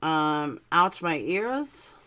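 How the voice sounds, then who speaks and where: A woman's voice: sits low, very animated, drawn-out words, fairly bright tone. A woman hosting a casual live stream, chatting bluntly and reading out her chat, speaking with a slight lisp. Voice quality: slight lisp from dental aligners. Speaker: livestream host reading chat.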